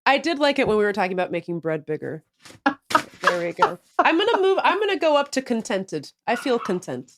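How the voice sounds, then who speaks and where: A woman's voice: a little high, fairly quick, background noise. A woman co-hosting a podcast livestream, chatting casually and ranting with mock outrage and plenty of swearing. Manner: animated, profane, mock-outraged storytelling. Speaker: podcast co-host.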